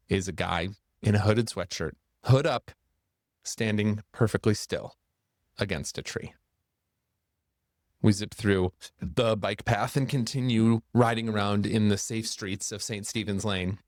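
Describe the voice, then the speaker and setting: A man with a fairly low voice tells a personal story for a church series. He draws out some phrases and rushes others to build suspense. The sound is close and dry, with no room around it. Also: no echo.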